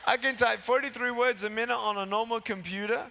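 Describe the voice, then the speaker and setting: A man's voice: very high-pitched, brisk, vocal fry, a little hiss or hum. A man in his thirties giving a motivational keynote speech at a large convention, telling stories and acting out the scenes. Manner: animated storytelling, acting out scenes. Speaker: keynote speaker. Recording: long hall reverb from PA.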